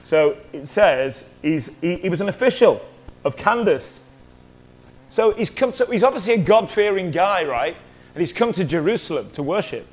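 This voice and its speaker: A man's voice: high-pitched, animated, normal speed, poor audio. A middle-aged man preaching a sermon as a pastor, telling a story in a chatty way and joking with the congregation. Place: church hall.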